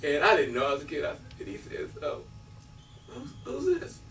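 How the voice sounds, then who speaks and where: A man in his fifties, a former college basketball player, giving an animated storytelling speech at a breakfast event, acting out quotes and laughing often. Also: fairly high pitch, quick pace, creaky, a little hiss or hum. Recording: roomy, from a distance.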